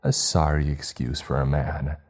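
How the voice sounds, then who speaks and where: A man voicing a creature that mimics a young woman's voice, speaking softly and sweetly, then spitefully. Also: extremely low pitch, level tone, measured pace, soft background music, exaggerated voice. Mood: cruel.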